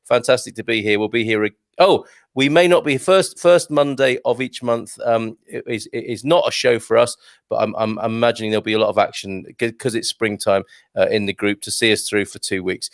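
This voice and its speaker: A man's voice: fairly low pitch, steady tone, fairly quick, no echo. A man hosting a casual online gardening show over a video call, chatty and laughing often as he reads out viewer messages. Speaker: host. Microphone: video call mic.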